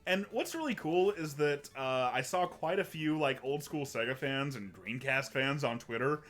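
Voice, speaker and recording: A man's voice: medium pitch, lively intonation, normal speed, a bit bright. A man hosting a casual livestream, talking in a rambling way with many restarts and fillers. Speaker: host.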